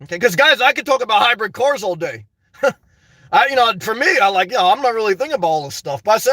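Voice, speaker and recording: This YouTuber's voice is high, animated and fast, with a pushed, bright quality and no room sound. He rambles casually through stories and complaints for his audience, tossing in laughs and frequent "guys" asides.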